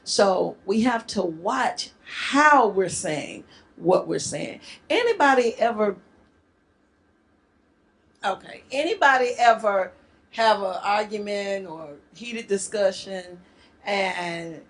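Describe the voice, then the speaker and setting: A middle-aged woman from the northern US gives a marriage workshop talk to a live group, lively and joking in casual speech. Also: mid-range voice, slow pace. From northern United States.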